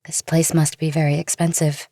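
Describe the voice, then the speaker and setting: Cast: a low-voiced, husky young woman in an audiobook drama, earnest and caring. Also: flat delivery, moderate pace, no room sound, studio quality. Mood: pleading. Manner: soft, earnest pleading.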